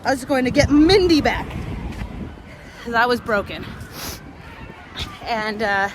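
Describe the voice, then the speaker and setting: A woman with a high voice tells a long personal story as she walks along a city street. She talks in a chatty, wandering way, full of ums and restarts. Loud street noise surrounds her. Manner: chatty, rambling, with many fillers and restarts. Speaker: vlogger. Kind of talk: casual storytelling while walking.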